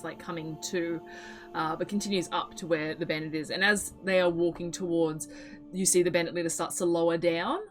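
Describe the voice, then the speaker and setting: A woman narrating a tabletop role-playing game as game master, chatty and giggly with lots of filler words. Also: lowish voice.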